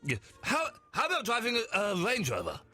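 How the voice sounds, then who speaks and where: A man hosting a comic radio phone-in, bantering in a lively way with mock-posh turns and swearing asides. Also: high-pitched, brisk, husky. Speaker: radio host. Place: radio studio.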